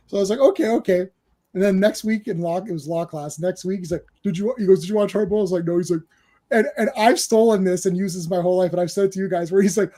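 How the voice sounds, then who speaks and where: A man's voice: sits high, fast talker, warm tone. A man in his forties hosting a movie podcast who tells stories with lots of energy, acts out quotes, swears and often restarts his sentences. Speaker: podcast host. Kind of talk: casual storytelling on a movie podcast. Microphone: live-stream microphone.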